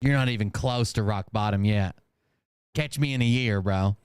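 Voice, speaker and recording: A man's voice: lowish voice, moderate pace, clear, resonant tone, dry recording. A man giving sarcastic reaction commentary with crude, mocking jokes.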